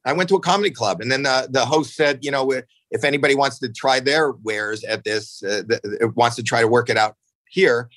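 A man in his sixties telling stories casually on a podcast, animated, jumping into acted-out quotes, swearing freely, often restarting his sentences. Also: a little fast, no room sound, rough recording. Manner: animated, acts out quotes with jumps in pitch. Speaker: podcast guest. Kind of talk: casual storytelling chat.

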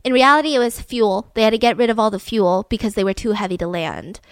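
A young woman telling a true story casually, animated and slangy, swinging between loud and hushed. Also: medium pitch, fast talker, clear, resonant tone, no room sound. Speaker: podcast storyteller.

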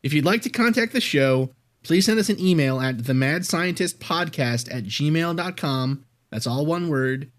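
A man's voice: fairly high pitch, expressive, normal speed, hardly any pauses. A man hosting a podcast, chatting casually and rambling, then reading an upbeat sign-off. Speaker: podcast host. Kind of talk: casual chat.

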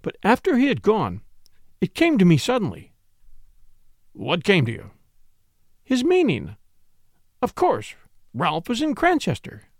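A bossy, opinionated middle-aged gossip who lectures everyone at the table, as a male reader puts her on. Her voice sits high and swoops widely in pitch. The reading is close and dry. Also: huge pitch swings, unhurried, pauses often, no echo, heavily acted. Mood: eager. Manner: insistent, lecturing.

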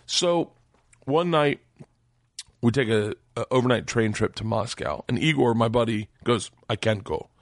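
Man, 40s, podcast guest, swearing raconteur, lively voice, dry close sound. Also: a little slow, dry recording. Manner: animated, profane, jumps high when quoting himself. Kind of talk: storytelling in casual chat.

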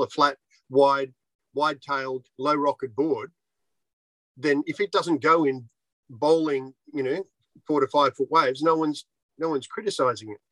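A man's voice: mid-range voice, fairly bright tone, no room sound, poor audio. A man who designs surfboards, talking bluntly and swearing freely in a casual interview. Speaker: surfboard shaper.

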